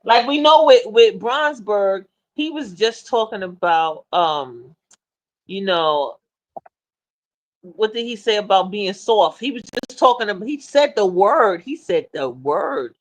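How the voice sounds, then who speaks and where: A woman's voice: medium pitch, expressive, takes it slowly. Teasing, giggly woman co-host. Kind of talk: casual chat.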